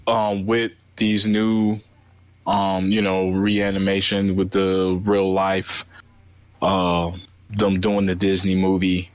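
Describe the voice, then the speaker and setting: Halting man podcast co-host, dry sound. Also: low voice, completely flat delivery, dry recording, muffled recording. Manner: halting, many "um" and "you know". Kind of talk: casual movie review chat.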